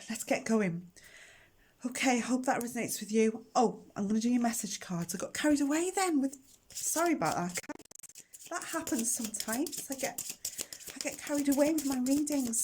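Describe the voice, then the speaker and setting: A woman's voice: fairly high pitch, animated, moderate pace, a little mellow, a little hiss or hum. A woman hosting a casual tarot reading to camera, chatty and emotional as she talks directly to her viewers, recorded indoors on a camera microphone. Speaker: tarot reader and channel host.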